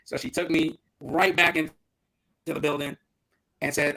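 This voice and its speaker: A man's voice: a little high, level tone, moderate pace, long pauses, sharp tone, low-quality recording. A man co-hosting a casual porch podcast, animatedly telling a childhood story and acting out the quotes. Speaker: podcast co-host.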